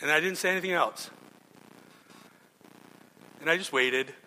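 A man's voice: fairly high pitch, measured pace, bright, forceful tone, slight background noise. A male pastor preaching a sermon, telling stories earnestly with frequent restarts. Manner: earnest storytelling with repeated restarts. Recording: long hall reverb.

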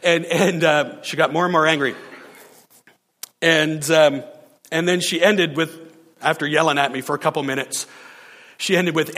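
Bright-voiced pastor preaching in a hall. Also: male voice, fairly high pitch, moderate pace, pauses often. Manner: animated storyteller, laughs often, acts out quotes. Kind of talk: sermon storytelling.

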